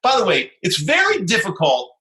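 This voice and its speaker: A male dentist co-hosting a podcast, playful and quick to defend himself. His voice is bright and a touch high. He talks with lively swings in pitch. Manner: animated, self-defending, playful. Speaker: dentist co-host. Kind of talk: casual podcast chat.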